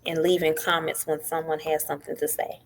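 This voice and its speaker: A middle-aged woman with a deep voice speaks a little fast as a podcast guest. She relates her story in lively, casual talk, playing out other people's words.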